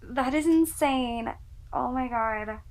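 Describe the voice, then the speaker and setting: Slow-talking, high-voiced woman gushing over a book. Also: rough recording. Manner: gushing, exclaims often, drifts into whispers. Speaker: book vlogger. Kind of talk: casual reading reaction.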